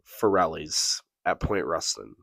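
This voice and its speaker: A man co-hosting a podcast, telling a profane, animated story and acting out the quotes. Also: extremely low pitch, unhurried, gravelly, slightly rough, no echo. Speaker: podcast co-host. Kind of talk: casual storytelling.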